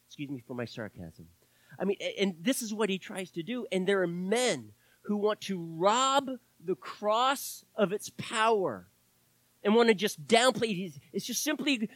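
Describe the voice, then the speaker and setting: A male pastor preaching a sermon, impassioned, swinging from loud declarations to hushed asides and calling out to his congregation. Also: high voice, sing-song, moderate pace, no room sound, low-quality recording.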